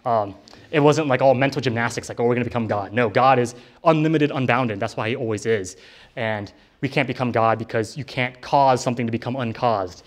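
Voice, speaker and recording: A man's voice: mid-range voice, a little fast. A young man giving a personal testimony at a campus ministry center, speaking in a casual, earnest way with frequent "like" fillers and acting out what he once said. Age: young adult. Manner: casual, heavy use of "like" fillers; earnest storytelling, reenacting his own past words. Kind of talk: personal conversion testimony to a live audience.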